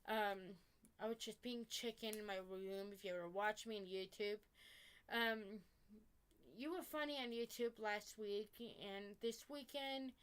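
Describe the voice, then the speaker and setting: A woman's voice: medium pitch, steady tone, measured pace, a bit bright, clean tone. A woman rambling in a casual webcam vlog message from her bedroom, with many fillers and repeats.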